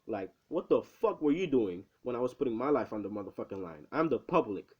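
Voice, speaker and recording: A man's voice: on the low side, moderate pace, husky. A man voicing a hot-headed teenage boy hero, cussing out cowardly adults in a profane, emphatic way on a slightly muffled recording. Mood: furious.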